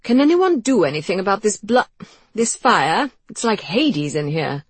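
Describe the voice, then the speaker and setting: A woman voicing a pompous, blustering older gentleman who talks loudly and indignantly, in an audiobook. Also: mid-range voice, sing-song, moderate pace, husky, dry recording, voice pushed up. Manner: loud, indignant. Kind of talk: audiobook character voice.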